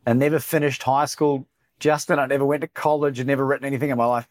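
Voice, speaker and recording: Animated Australian man telling a story. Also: medium pitch, quick pace. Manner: animated storyteller, acts out quoted dialogue. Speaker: podcast guest, courage coach. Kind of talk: storytelling in a podcast interview.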